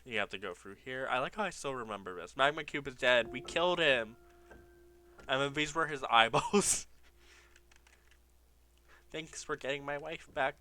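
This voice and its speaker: Bright-voiced young man narrating gameplay. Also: medium pitch, slight background noise. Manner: nostalgic, laughs often, reads old signs aloud. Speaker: gaming YouTuber. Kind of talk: casual gameplay commentary.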